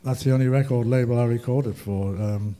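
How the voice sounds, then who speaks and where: Older guy, mellow voice, chatty rambling stories full of ums and uhs. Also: medium pitch, fairly even intonation, fairly quick. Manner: rambling, chatty storytelling with many fillers and dry humor. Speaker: ragtime musician speaking at a festival. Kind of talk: anecdotal talk to an audience.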